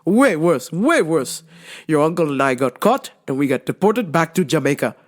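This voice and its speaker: A stern, worried older immigrant father, as a woman puts him on while telling a story. He speaks low and grave. He insists on his warnings. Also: sing-song, normal speed.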